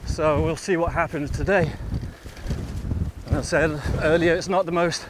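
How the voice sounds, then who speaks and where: A man's voice: on the high side, steady tone, moderate pace, background noise. A man vlogging outdoors on a bike trail, chatting casually and laughing often between remarks. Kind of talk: casual chat while riding.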